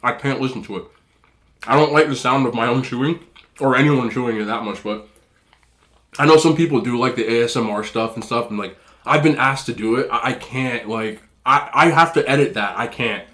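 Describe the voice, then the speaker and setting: A food vlogger with a medium-pitched, slightly nasal, somewhat bright voice talks briskly on camera while eating. It's casual mukbang chat: he rambles chattily between bites.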